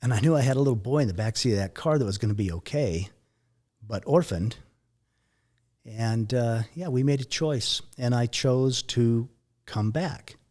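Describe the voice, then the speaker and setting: A middle-aged man speaks in a medium-pitched voice, telling a deeply personal story in a halting way. He repeats words and restarts his sentences. At the painful parts his voice sinks low and soft. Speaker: guest recounting a near-death experience.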